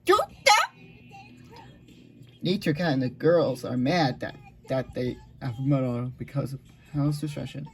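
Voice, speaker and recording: A woman's voice: extremely low pitch, steady tone, moderate pace, mellow. A woman telling a homemade fan story aloud, rambling with restarts and pointing out goofs, raising her voice for the characters.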